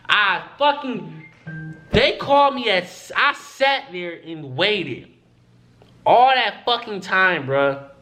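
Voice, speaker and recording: A young man telling a story to the camera in casual, profane storytelling, acting out what people said. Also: high voice. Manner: animated, profane, acts out quoted voices. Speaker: vlogger.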